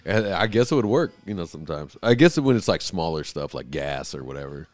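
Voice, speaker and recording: Man, podcast host, casual profane chat, low voice, dry recording. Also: big pitch swings, fairly quick, no room sound. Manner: loose, profane, laid-back.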